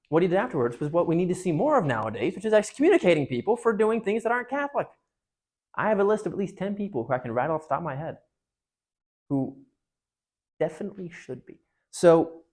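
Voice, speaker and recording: A young man giving a youth talk at a parish, emphatic and joking, jumping between loud outbursts and hushed asides. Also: on the high side. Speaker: parish speaker.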